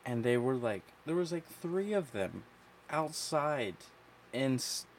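A man co-hosting a podcast in relaxed casual chat, hesitant, with many fillers. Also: mid-range voice, slow pace, a little hiss or hum. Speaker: podcast co-host.

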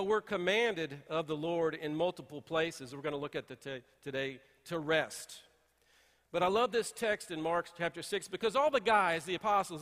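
A middle-aged man preaching a sermon, telling folksy stories and swinging between hushed asides and emphatic points. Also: high-pitched, in a large hall. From Texas. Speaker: pastor. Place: church sanctuary.

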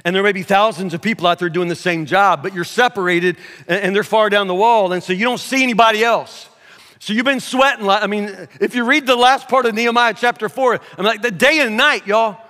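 A man preaching a sermon in a folksy way, repeating words, saying y'all, and dropping to a low, quiet voice for emphasis. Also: fairly quick, big-room sound. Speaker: pastor. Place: church hall.

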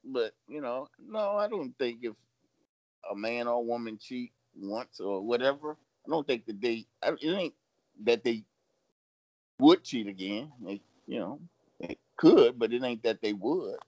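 A man co-hosting a casual chat, thinking aloud in a slow, halting way. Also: mid-range voice, expressive, mellow, dry recording. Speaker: co-host.

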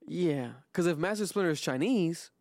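A man's voice: lively intonation, normal speed, a little mellow, no room sound, clean studio sound. A man hosting a casual podcast, talking loosely with lots of swearing and fillers. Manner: loose and profane, drifting in pitch, trailing off with fillers. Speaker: podcast host.

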